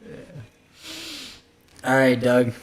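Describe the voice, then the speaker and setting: Easygoing chef rambling on a call. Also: male voice, medium pitch, completely flat delivery, extremely slow. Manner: loose, rambling, filler-heavy. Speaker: chef podcast host. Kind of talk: casual chat.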